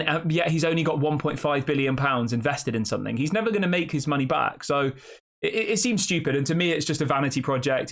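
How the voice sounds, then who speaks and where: A man hosting a fan channel, giving casual opinion commentary, thinking aloud, often correcting himself and asking rhetorical questions. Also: on the high side.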